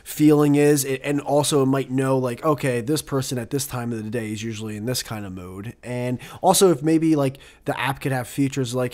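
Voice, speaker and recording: A man hosting a casual podcast chat, rambling and swearing as he pitches an idea, often laughing at himself. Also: normal speed, hardly any pauses, a little mellow. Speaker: podcast host.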